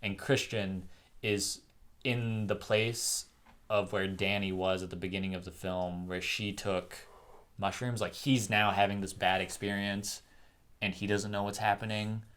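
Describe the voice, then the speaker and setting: A young man co-hosting a casual film review, retelling the plot in an animated way with lots of fillers and laughter. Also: on the low side, measured pace.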